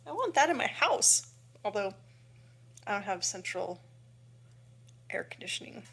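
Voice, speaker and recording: A woman in her fifties chats into her phone camera from a hotel room during a work layover. She rambles casually with plenty of "um"s and self-mocking laughs, her mid-pitched voice carrying a gravelly fry. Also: big pitch swings, measured pace, fairly bright tone. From Southern California, USA. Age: 50s. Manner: chatty, self-deprecating, many fillers and laughs. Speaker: flight attendant vlogger. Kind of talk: casual vlog chat. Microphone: phone camera held close.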